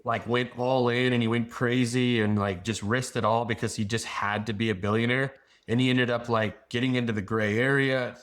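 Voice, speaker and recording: A man's voice: medium pitch, fairly bright tone. Confident man giving business advice. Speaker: business founder and guest. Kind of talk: casual podcast conversation.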